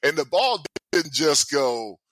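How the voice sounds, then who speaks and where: A man in his sixties, a former ballplayer, telling stories in a casual, animated way, laughing often and acting out the people in them. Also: fairly high pitch, takes it slowly, dry recording. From United States. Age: 60s. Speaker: guest, former baseball player. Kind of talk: casual storytelling.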